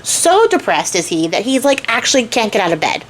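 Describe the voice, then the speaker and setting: A woman's voice: on the high side, sing-song, normal speed, few pauses, a little hiss or hum. Young woman, chatty slangy storyteller, irreverent. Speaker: craft channel host. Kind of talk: casual storytelling.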